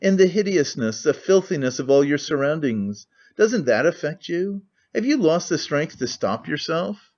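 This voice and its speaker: A man's voice: fairly high pitch, sing-song, normal speed, darkish tone, pitched above the performer's own voice. A man voicing a brooding young man who asks terse, accusing questions, on a muffled lo-fi recording.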